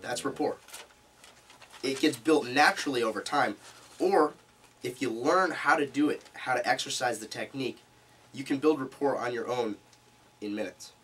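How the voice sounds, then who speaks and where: A man's voice: mid-range voice, normal speed, long pauses, breathy edge. Man lecturing to a group from a distance. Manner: animated, demonstrates vocal tones while explaining. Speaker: seminar presenter. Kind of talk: live seminar talk to a small group. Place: meeting room. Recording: distant mic with faint room noise.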